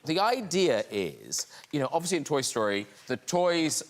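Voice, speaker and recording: A man's voice: a little high, big pitch swings, moderate pace. A man hosting a talk show, chatting casually with an enthusiastic, giggly manner. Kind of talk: casual chat.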